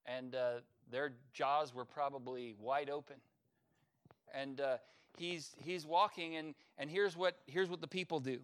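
A man preaching a sermon as pastor, earnest, with sudden swells in loudness. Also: mid-range voice, fairly even intonation, moderate pace, smooth. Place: church service.

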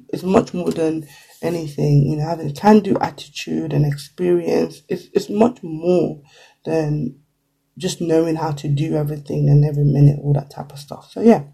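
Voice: mid-range voice, gravelly, dark tone, breathy edge. A vlogger talking casually to camera with lots of "like" and "you know", now and then acting out short quotes. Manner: chatty, full of "like" and "you know", acts out little quotes. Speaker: vlogger giving career advice.

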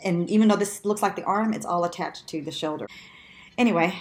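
A woman guest in an interview, telling a long personal story in a lively, conversational way and laughing often. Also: brisk, a little hiss or hum. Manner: animated, laughs often, acts out quotes in a much higher voice.

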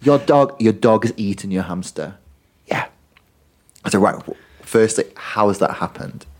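A man's voice: fairly low pitch, expressive, normal speed. A man, co-hosting a casual podcast, telling a dry story and acting out a child's replies. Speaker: podcast co-host, primary school teacher. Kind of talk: casual chat.

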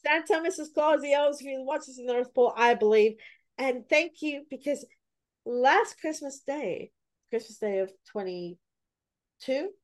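A woman hosting a casual podcast chat, telling stories and acting out her own reactions. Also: unhurried. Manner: animated, acts out her own past reactions with sudden high cries. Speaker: podcast host.

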